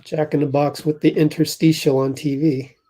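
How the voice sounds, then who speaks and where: A young man hosting a casual sports livestream, thinking aloud and calling plays in quick bursts while chatting with viewers. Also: a little high, level tone, mellow. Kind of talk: casual live game commentary and chat.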